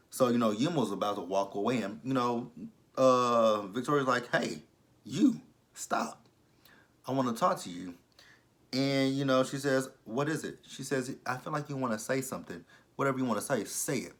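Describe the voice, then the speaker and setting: A man giving a casual, blunt and profane recap of a TV episode, exasperated with the characters. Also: lowish voice. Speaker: TV show reviewer.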